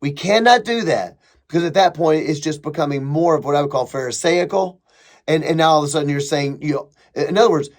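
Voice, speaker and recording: Male podcast host with a high voice, opinionated and sarcastic commentary. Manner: emphatic, sarcastic, mocking impressions of opponents. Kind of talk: opinionated commentary reading a thread.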